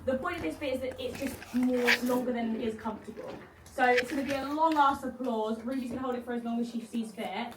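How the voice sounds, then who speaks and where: A woman's voice: a little high, fast talker. A woman giving instructions to a group. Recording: distant echoey room with loud noise.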